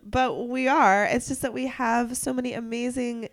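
A woman co-hosting a podcast, talking casually while stuffed up with a cold, chatty and quick to laugh at herself. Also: a little high, steady tone. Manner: giggly, chatty, self-mocking. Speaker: podcast co-host. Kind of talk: casual chat.

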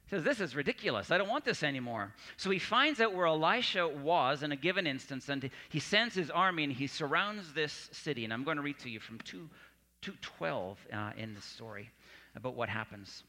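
A man preaching a sermon in an earnest way, often dropping his voice soft for emphasis. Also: on the high side, animated, normal speed. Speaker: pastor.

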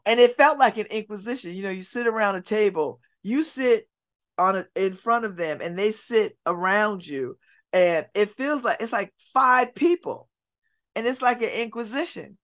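A middle-aged woman hosting a community radio show, telling stories in an animated way and dropping her voice low and soft for emphasis. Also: moderate pace. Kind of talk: casual talk radio monologue. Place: radio studio.

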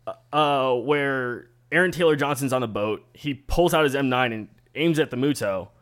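A man guest on a podcast, explaining at length in a steady, wry, casual way. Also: mid-range voice, normal speed.

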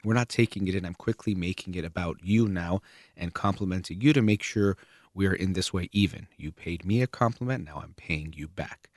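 A man with a very low voice talks through ideas calmly and methodically, pausing now and then on a filler. The sound is close and dry, with no room around it. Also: no echo. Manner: calm, measured, explaining step by step with occasional fillers. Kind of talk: explanatory talk on relationships.

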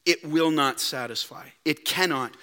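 A man preaching a sermon as pastor, emphatic, dropping to quiet rhetorical questions. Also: on the high side, unhurried, smooth. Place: church. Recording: long reverb in a church hall.

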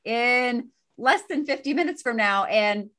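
A woman with a slightly high voice chatting on a podcast. She tells stories in an animated, self-deprecating way, with a relaxed conversational flow. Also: a little slow. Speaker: podcast co-host. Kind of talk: casual chat.

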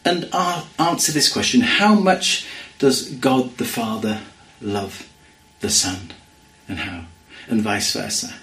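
A man preaching a sermon in an earnest way, dropping to a hush when he quotes scripture. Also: mid-range voice, takes it slowly, echoey room, low-quality recording. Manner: earnest, drops to hushed quoting of scripture.

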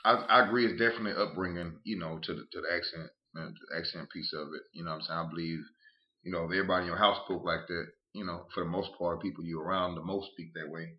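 Deep-voiced podcast cohost, loud slangy reactions, echoey dull mic. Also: male voice, fairly even intonation, fast talker. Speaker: podcast co-host. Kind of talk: casual podcast banter. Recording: roomy, dull-sounding mic.

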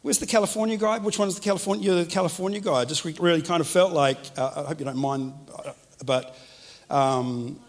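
NZ pastor, chatty sermon, a bit high-pitched, talks straight to the crowd. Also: male voice, brisk. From New Zealand. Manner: chatty and joking, addresses the crowd directly. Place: church hall with congregation.

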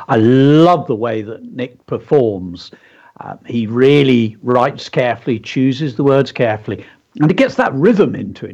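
A man hosts a radio show about writing, explaining a poem with enthusiasm and plenty of ums and uhs, his pitch moving in an animated way. His voice is slightly husky, and the broadcast sound is dull and lo-fi. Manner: enthusiastic, explanatory, many fillers. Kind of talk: instructive radio talk.

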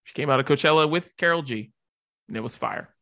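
A man's voice: fairly high pitch, fast, creaky, fairly bright tone. A young man co-hosting a casual music podcast, easygoing and self-deprecating, laughing often. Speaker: podcast co-host.

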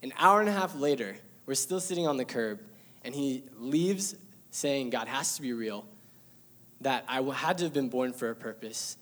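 A man's voice: medium pitch, animated, moderate pace, a bit bright. A young man sharing an earnest, emotional personal testimony at a church service, with bits of light laughter.

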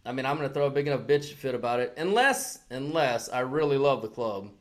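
A man's voice: mid-range voice, lively intonation, a little fast. A man in his forties co-hosting a casual podcast, telling a story heatedly with lots of swearing and mimicking the people he quotes. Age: 40s. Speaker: podcast co-host. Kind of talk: casual chat.

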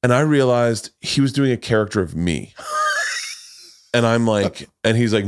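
A man hosting a podcast, telling stories in a lively, profane way. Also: mid-range voice, moderate pace, long pauses. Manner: animated, profane storytelling. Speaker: podcast host. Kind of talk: casual chat.

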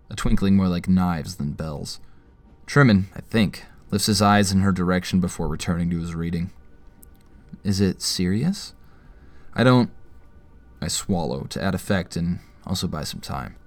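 A man's voice: sits low, moderate pace. A man narrating an audio drama in the first person, with a wry, tense inner-monologue delivery.

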